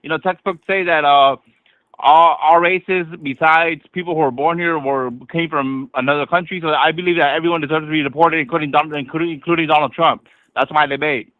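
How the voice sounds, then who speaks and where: A man's voice: on the high side, steady tone, brisk, no room sound. A man calling in to a live stream who rambles, stops short and repeats himself. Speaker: caller. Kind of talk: rambling phone call. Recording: dry tinny phone line.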